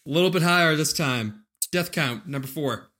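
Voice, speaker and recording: A man's voice: fairly high pitch, normal speed, sharp tone. A young man hosting a casual podcast chat, telling wry stories and laughing along. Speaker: podcast host.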